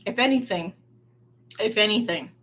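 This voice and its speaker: A woman preaching a sermon in an earnest, emphatic way, swinging between loud stresses and quiet, near-hushed lines. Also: mid-range voice, lively intonation, moderate pace.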